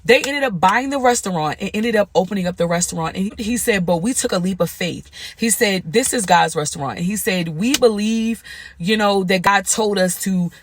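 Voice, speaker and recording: A woman's voice: medium pitch, fairly quick. A young adult woman vlogger telling a casual storytime, chatty and slangy, acting out what people said. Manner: animated, chatty, slangy, quotes people in lively voices. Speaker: vlogger and comedian motivator.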